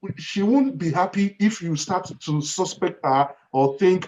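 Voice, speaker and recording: A man's voice: high-pitched, unhurried, few pauses, a little mellow. A man giving reassuring, emphatic advice in a casual panel chat. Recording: dull lo-fi sound with faint hiss.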